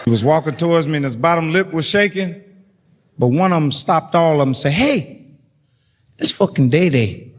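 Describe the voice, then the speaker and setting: A man's voice: fairly high pitch, fast talker. A middle-aged man telling profane stand-up stories and acting out the voices of people in them. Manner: profane storytelling, acts out voices. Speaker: stand-up comedian. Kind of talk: stand-up comedy set. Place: comedy stage before a laughing audience. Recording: live hall reverb, faint noise.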